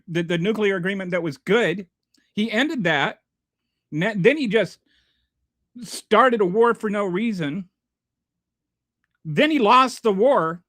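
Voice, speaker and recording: A man's voice: high-pitched, a bit bright, dry recording, studio quality. A male host giving sarcastic, rambling political commentary on a livestream and reading chat. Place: home near a small Texas town.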